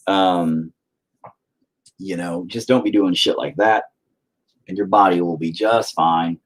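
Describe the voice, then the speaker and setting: A man's voice: deep voice, steady tone, slow pace. A man chatting casually and profanely with viewers while he paints, rambling and putting himself down. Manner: profane, rambling, self-deprecating.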